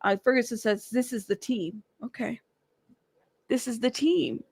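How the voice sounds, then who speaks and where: A woman's voice: fairly high pitch, measured pace, gravelly, darkish tone, slightly rough, dry recording. A woman hosting a casual live stream, talking in a sassy, teasing way and laughing often. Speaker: live-stream news host.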